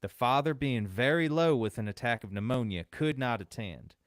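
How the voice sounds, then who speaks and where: A man's voice: mid-range voice, normal speed, no room sound, studio quality. A man co-hosting a podcast, reading an old newspaper account aloud and then chatting about it loosely. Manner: reads old newspaper text, then chats loosely with laughs. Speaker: podcast co-host.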